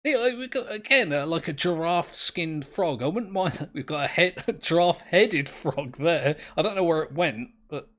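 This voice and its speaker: A man's voice: a little high, expressive, normal speed, hardly any pauses, fairly bright tone. A man, commentating his own game play in a rambling, self-mocking, easily amused way. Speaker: gameplay commentator.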